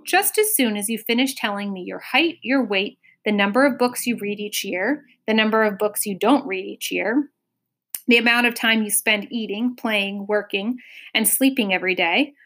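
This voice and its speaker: A woman voicing a fussy little man who is an official census taker, rattling off long lists in a brisk, officious manner. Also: medium pitch, fairly bright tone. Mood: agreeable. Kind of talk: storybook character voice.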